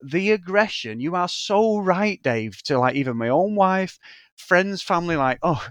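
A man's voice: high voice, unhurried, clean tone, no echo, clean studio sound. A man in his thirties co-hosting a film podcast, telling stories with lots of swearing and acted-out quotes. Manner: animated storyteller, swears freely, acts out quoted people. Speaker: podcast co-host. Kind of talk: casual film podcast chat.

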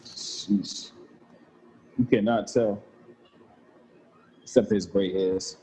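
A man in his thirties chatting casually with a friend about fatherhood, in relaxed slang with frequent swearing. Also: fairly low pitch, moderate pace, a little hiss or hum, poor audio. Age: 30s. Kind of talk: casual chat.

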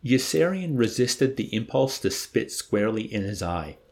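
A man's voice: medium pitch, sing-song, moderate pace, a little mellow. A man reading a novel aloud and acting out its dialogue, then chatting about the chapter. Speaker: book club reader.

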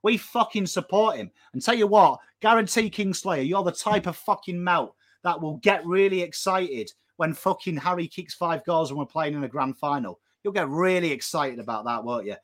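An English man ranting as co-host of a football fan show, sweary and impassioned, swinging between shouting and low intensity. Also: moderate pace, hardly any pauses. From England. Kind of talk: fired-up fan rant.

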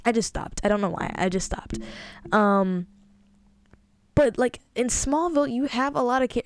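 A woman's voice: medium pitch, a little mellow, no echo, studio quality. A young adult woman hosting a podcast, reviewing a TV episode in a chatty, emphatic way with exasperated asides. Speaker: podcast host. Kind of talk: casual TV review monologue.

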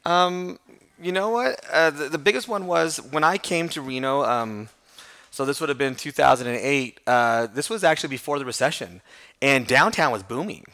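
A man in an interview, a hair school franchise owner telling his story with self-deprecating humor. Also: on the high side. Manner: fast, animated storytelling with self-deprecating laughs.

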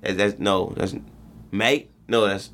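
Gravelly man in loose sports banter. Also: medium pitch, normal speed, fairly bright tone. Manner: loose, joking, profane banter. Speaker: podcast co-host. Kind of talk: casual sports chat.

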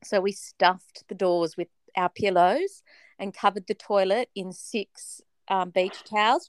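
Smooth-voiced woman telling a story animatedly. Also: medium pitch, dry recording. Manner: animated, dramatic storyteller, laughing often. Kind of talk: casual storytelling chat.

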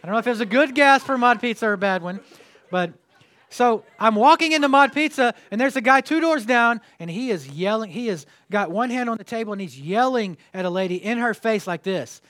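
A man preaching a sermon to a congregation, conversational and jokey, telling stories with lively energy. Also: sits high, fairly quick. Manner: conversational, jokey, animated storytelling. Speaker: pastor. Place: church sanctuary with congregation.

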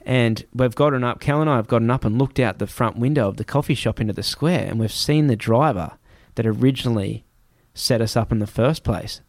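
A man's voice: medium pitch, a little fast, hardly any pauses, dry recording. Male guest, young adult, casual storyteller, dry close mic. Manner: animated retelling, acts out the voices in his story.

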